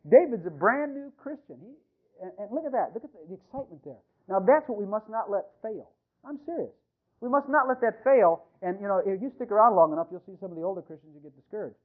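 A man who is a pastor, preaching an animated sermon to his congregation and calling out to them. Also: sits high. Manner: animated, talks to the congregation, many fillers. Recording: tinny phone-like radio sound.

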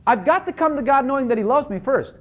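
Animated preacher on a dull recording. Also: high-pitched, quick pace. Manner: animated, conversational, repeatedly asks "Hello?". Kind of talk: sermon.

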